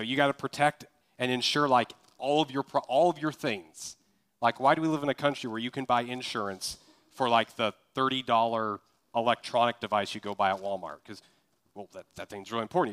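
A man from Kansas preaches a sermon in a relaxed, conversational way. He talks to the congregation as if chatting with them and keeps asking rhetorical questions. His voice sits at an ordinary middle pitch. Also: fairly quick. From Kansas, USA. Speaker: pastor.

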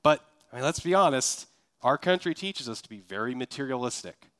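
Speaking a little fast, a middle-pitched male pastor from Kansas, USA, delivers a laid-back sermon. He addresses the congregation like he's having a chat, repeatedly posing rhetorical questions.

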